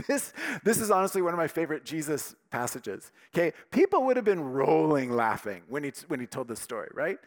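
A man preaching a sermon with emphatic, animated delivery, dropping to quiet, intimate tones between louder passages. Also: on the high side, brisk. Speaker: pastor.

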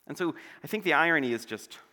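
Animated man preaching in a reverberant church. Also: on the high side, quick pace. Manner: playful, joking storyteller. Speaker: pastor. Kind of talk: sermon. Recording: long church hall reverb.

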